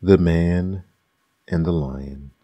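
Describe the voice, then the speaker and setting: Deep-voiced man reading ASMR bedtime fables, slow, dark tone. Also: no echo. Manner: soft, unhurried reading. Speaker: storyteller.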